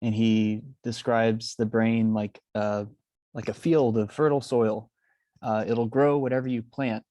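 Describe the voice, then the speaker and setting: A man's voice: lowish voice, flat delivery, a little slow, dark tone, dry recording. A man taking part in a coaching video call, speaking casually and hesitantly with frequent "uh"s. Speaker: call participant. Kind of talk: casual chat.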